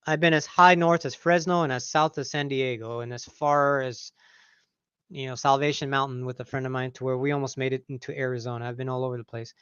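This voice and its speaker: A man's voice: medium pitch, fairly even intonation, a little fast, a bit bright, smooth, no echo. Rambling man on a dry lo-fi mic. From California. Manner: rambling, laughs often. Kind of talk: casual chat.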